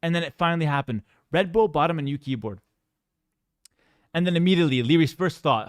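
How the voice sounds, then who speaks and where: A man's voice: fairly high pitch, a little fast, long pauses, no echo. A man streaming, telling a story in a casual, joking way with exaggerated mock outrage.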